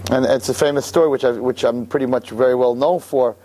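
A man teaching a religious class, telling a story in an animated, conversational way. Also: mid-range voice, fast, slight background noise. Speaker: Torah teacher.

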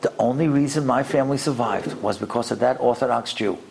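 A man voicing a grateful middle-aged bank manager who speaks quietly through tears, deeper than his own voice. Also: brisk, gravelly, a little hiss or hum, close to an everyday voice. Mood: tearful, solemn.

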